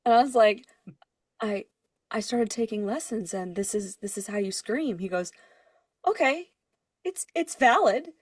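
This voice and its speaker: A young woman, a singer, co-hosting a podcast in casual chat, telling stories with lively acted-out quotes and frequent laughter. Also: medium pitch, moderate pace, no echo, clean studio sound. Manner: animated storyteller, acts out quotes, laughs often.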